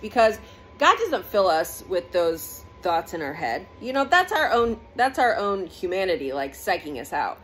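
A woman's voice: medium pitch, very animated, unhurried, a bit bright, a little hiss or hum. A woman talking in a casual faith vlog, rambling conversationally with lots of fillers, filmed on a phone in her bathroom. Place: home bathroom.

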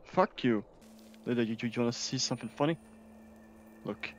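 A man from Sweden giving casual, excitable gameplay commentary as a streamer, swearing often. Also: mid-range voice, moderate pace, slight background noise. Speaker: gaming streamer.

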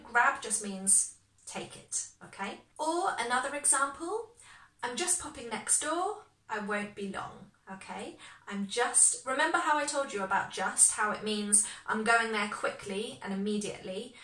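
Teacher lady, bright voice, kinda echoey room, mic a bit far off. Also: fairly high pitch, expressive. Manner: slow, clear explanations with example phrases. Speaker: English teacher. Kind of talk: online language lesson.

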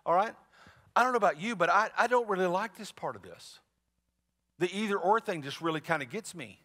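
A man preaching a sermon as pastor, in a conversational, animated way with asides to the congregation. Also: high voice, brisk. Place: large church sanctuary. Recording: long reverb of a church hall.

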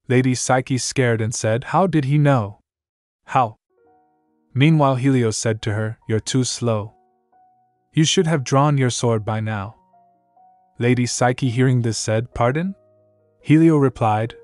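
This is a dry voice-over of a man recapping a story, with light background music. His voice is medium-pitched and a little mellow, free of echo, and he reads all the characters' lines in one plain tone.

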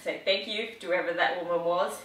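A woman fitness instructor with a lowish, steady, slightly bright voice speaks briskly. She coaches a live workout from her home studio, upbeat and encouraging as she counts reps, recorded in an echoey room with the mic at a distance.

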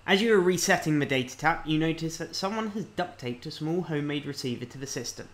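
A man with a slightly higher-than-average voice talks his way through a video game. He reads the on-screen text aloud in a relaxed, offhand way and mutters his thoughts between lines. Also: fast. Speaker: let's-play host. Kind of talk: casual video game commentary.

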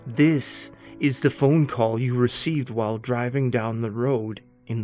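A man hosting and narrating a horror story in a measured, scripted second-person voice. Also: mid-range voice, fairly even intonation, darkish tone. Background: faint background music.

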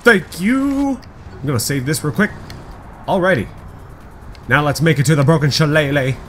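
A man doing excitable let's play commentary, rambling and swearing often. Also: a little high, moderate pace, slight background noise. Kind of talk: gameplay commentary.

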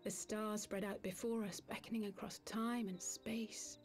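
Game character: actress playing a melancholy woman wanderer, quiet and reflective, with light music underneath. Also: mid-range voice, fairly even intonation, a little slow, natural voice. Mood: wistful. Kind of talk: voiced game dialogue.

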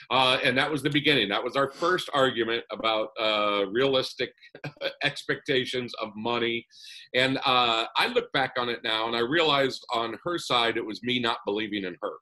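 A man's voice: mid-range voice, moderate pace, bright, forceful tone, low-quality recording. A man casually telling a personal story as a podcast guest, full of "uh" fillers and little chuckles. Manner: rambling with many "uh" fillers and chuckles.

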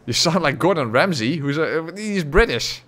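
A man whose first language is Dutch, streaming a game live, reading chat and reacting loudly with jokes. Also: on the high side, animated, measured pace.

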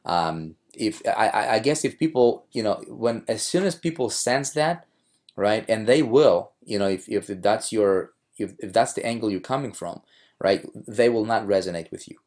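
A man with a hoarse voice, talking casually as a marketing coach about his own videos, rambling with many fillers and restarts. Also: fairly low pitch, lively intonation, normal speed, darkish tone.

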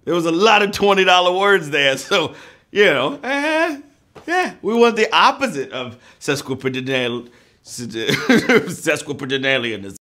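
Lively, bright-voiced male quiz host. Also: fairly high pitch, unhurried. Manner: playful, joking, with loud whoops. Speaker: trivia game show host. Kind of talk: live quiz show hosting.

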